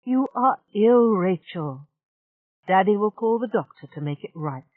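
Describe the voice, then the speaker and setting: A woman voicing a gentle young man who speaks in a mellow, soothing, sincere way. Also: mid-range voice, animated, narrow, tinny audio. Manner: soothing, slow.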